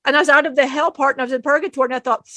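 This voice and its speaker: A woman's voice: sits high, steady tone, very fast, fairly bright tone, dry recording. A woman channeling a spirit, telling an emotional personal story in a rambling way, often acting out what others said and laughing.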